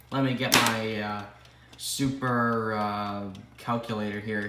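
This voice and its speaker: A man's voice: mid-range voice, pushed and bright. A young man rambles through a casual vlog, mumbling asides and poking fun at himself. His voice bounces around an echoey room with a faint hiss of noise underneath. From Canada. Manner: rambling, self-deprecating, talks to himself. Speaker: clock collector host. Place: indoor room with ticking clocks. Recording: roomy echo, faint background noise.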